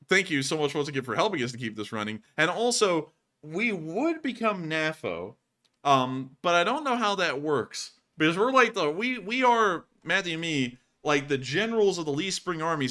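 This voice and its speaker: A man's voice: fairly high pitch, normal speed. A man from the United States hosting a casual war news livestream, reading supporter messages and ranting with easy laughter. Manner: animated, rants and laughs easily. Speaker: war news show host.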